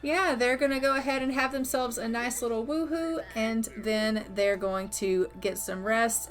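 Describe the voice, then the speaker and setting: A woman giving chatty, cheerful commentary over a life-sim game, narrating what her characters do. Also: fairly high pitch. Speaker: gaming video host. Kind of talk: casual gameplay commentary.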